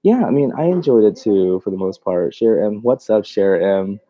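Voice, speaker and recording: Chatty groomer guy on a livestream, dark mellow voice, laughs a lot, dry muffled sound. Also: lowish voice, big pitch swings, normal speed, no echo. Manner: rambling, laughs often, many fillers and restarts. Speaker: mobile dog groomer, livestream host. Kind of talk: casual livestream chat reading comments.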